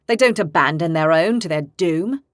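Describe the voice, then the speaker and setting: A man's voice: fairly high pitch, expressive, moderate pace, fairly bright tone, dry recording, studio quality. A woman voicing an earnest, cautious, loyal young male ranger in an audiobook, near her own voice.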